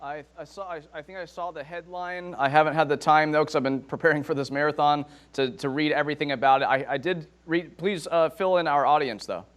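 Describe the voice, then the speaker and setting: Host: man, slightly high voice, rambling questions, stammers. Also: fairly bright tone. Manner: halting, stammering, loose phrasing. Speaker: interview host. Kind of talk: interview questions.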